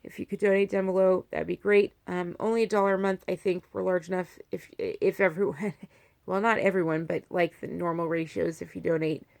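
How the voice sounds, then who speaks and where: Wanita vlogger yang bicara melantur dan emosional. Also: female voice, on the low side, little pitch movement, a little fast, vocal fry. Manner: rambling, with many "like" fillers; heartfelt, swinging from soft to fired-up. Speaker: vlogger sharing a health update. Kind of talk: casual video diary.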